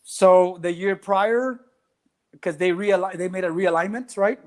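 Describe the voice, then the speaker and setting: A man tells coaching stories in a casual interview, slightly high in pitch for a man. He acts out each person he quotes and slips in Spanish phrases. He sounds middle-aged. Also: unhurried. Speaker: track and cross country coach.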